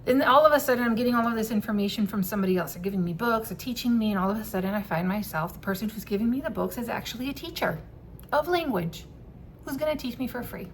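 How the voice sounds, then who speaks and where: A woman telling a personal story to camera in a casual vlog, candid and quick to swear and laugh. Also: on the high side, a little hiss or hum. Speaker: vlogger.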